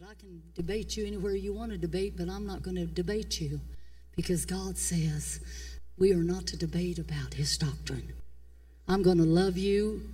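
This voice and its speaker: An older woman pastor, preaching a fiery sermon. She swings between shouting and hushed tones in a folksy way. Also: mid-range voice, far from the mic. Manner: folksy, repeats "come on". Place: church.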